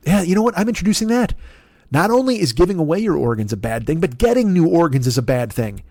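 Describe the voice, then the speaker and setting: A man's voice: fairly high pitch, fast, no room sound. Profane ranting podcast comedian man. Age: 40s. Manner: profane, ranting, animated, laughs at own jokes. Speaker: podcast host. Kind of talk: solo comedic monologue.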